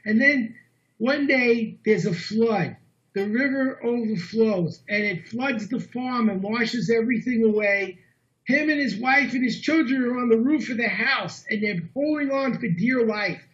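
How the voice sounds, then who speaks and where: Un orador con voz muy aguda que narra una historia con entusiasmo y seriedad; audio de reunión en línea, apagado y de baja fidelidad. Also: male voice, very high-pitched, unhurried. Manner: animated, earnest storytelling. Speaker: guest speaker. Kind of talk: storytelling talk. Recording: dull lo-fi online meeting audio.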